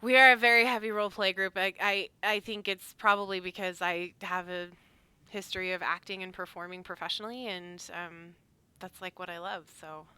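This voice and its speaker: A woman co-hosting a casual recap chat as game master, animated and laughing often, with many fillers. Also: mid-range voice, moderate pace, smooth. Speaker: podcast co-host and game master.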